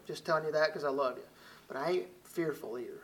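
A man's voice: a little high, fast talker, slight background noise. A middle-aged man from Alabama with a Southern accent, preaching a sermon in a folksy, conversational way with frequent restarts. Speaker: visiting preacher.

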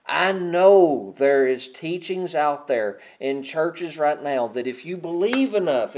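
A pastor delivering a fervent sermon, his fairly high voice swooping widely between booming peaks and hushed asides. He takes his time, stretching phrases out slowly. The delivery is heated and preacherly throughout. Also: animated. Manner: impassioned preaching, swinging from loud peaks to quiet asides.

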